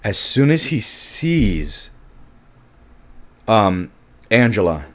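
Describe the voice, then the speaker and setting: A man's voice: on the low side, very animated, drawn-out words, fairly bright tone. A man giving a casual film review monologue, emphatic and passionate, swearing often and restarting his sentences.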